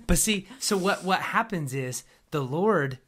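A man's voice: high-pitched, animated, a little slow, a bit bright, breathy edge. A young man co-hosting a casual faith podcast, joking and laughing often as he talks. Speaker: podcast co-host.

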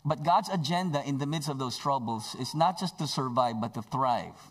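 A man's voice: medium pitch, normal speed, slightly rough. A male pastor preaching a sermon, emphatic, stretching out key phrases, with joking asides.

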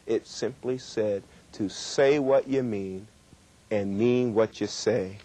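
A middle-aged man giving a workshop lecture on communication, with emphatic, drawn-out stresses. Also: fairly low pitch, mellow. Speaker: communication trainer.

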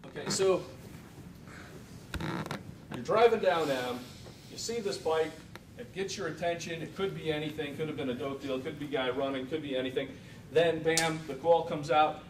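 A man's voice: normal speed, pauses often. Man cross-examining in an echoey courtroom. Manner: probing, leading questions with frequent tag checks. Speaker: defense attorney. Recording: echoey room from far off, faint rumble.

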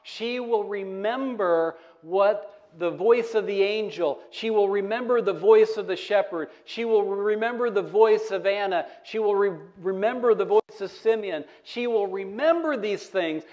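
High-voiced preaching man. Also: unhurried, hardly any pauses, a little mellow, muffled recording. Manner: call-and-response preaching, asks the congregation questions. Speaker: pastor. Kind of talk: sermon. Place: church sanctuary.

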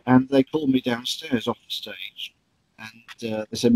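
A man's voice: mid-range voice, steady tone, normal speed, creaky, darkish tone, dry recording, low-quality recording. A man, a stage actor recalling stories in an interview, chatty with many ums and restarts. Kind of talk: interview anecdotes.

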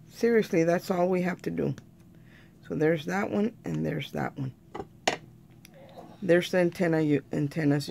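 A woman's voice: low voice, vocal fry, a little mellow. A woman talking viewers through a craft tutorial in a chatty way, often calling them "you guys".

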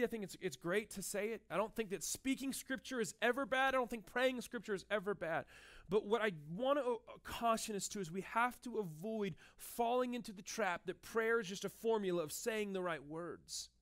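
A man's voice: high voice, brisk, a bit bright. A young adult man preaching a sermon as pastor, telling a personal story with frequent fillers and restarts.

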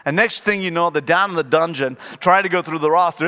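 A male pastor delivers a sermon to a live congregation, acting out the characters as he tells the story. His voice sits high and bright. The sound carries the long reverb of a large church hall. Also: fast talker, hardly any pauses.

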